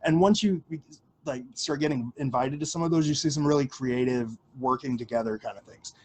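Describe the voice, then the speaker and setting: A man's voice: medium pitch, fairly quick, a little mellow, slight background noise. A man hosting a casual livestream Q&A, rambling with lots of fillers and offhand swearing. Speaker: livestream host answering questions.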